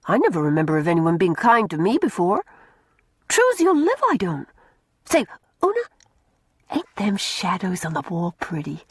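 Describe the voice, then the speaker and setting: A woman reading an audiobook voices a blunt, quick-tempered orphan girl who talks in folksy rural slang. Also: lowish voice, huge pitch swings, breathy edge, no room sound, heavily acted.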